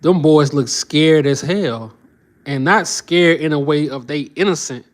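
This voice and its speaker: A man's voice: a little high, a little slow. A man giving casual reaction commentary, mocking and slangy, often laughing. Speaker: reaction channel host.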